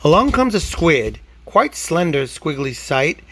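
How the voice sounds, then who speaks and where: Slow expressive man reading a storybook. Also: a little high, slight background noise. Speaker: storybook reader. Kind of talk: reading a picture book aloud.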